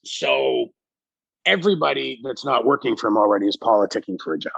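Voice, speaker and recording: A man's voice: on the low side, wildly swooping pitch, brisk, vocal fry, fairly bright tone, husky, dry recording, highs cut off. A man on a podcast telling a rambling, profane anecdote as a guest, full of restarts. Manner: rambling, frequent restarts, swears freely. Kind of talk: casual storytelling.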